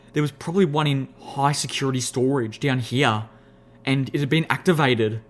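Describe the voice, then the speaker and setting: A man giving a first-person audiobook narration in an expressive, measured storytelling voice. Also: medium pitch.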